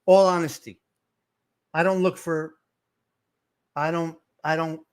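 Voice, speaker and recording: A man's voice: fairly high pitch, little pitch movement, takes it slowly, clean tone. A middle-aged man, hosting a live stream and ranting in a heated, profane way while calling out to his chat. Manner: fired-up, profane, shouting out to chat.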